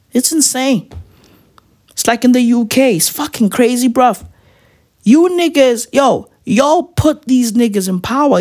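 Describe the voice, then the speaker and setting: A woman's voice: medium pitch, darkish tone. A woman in a profane, rambling comedic rant full of street slang, at home. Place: at home, with spouse nearby.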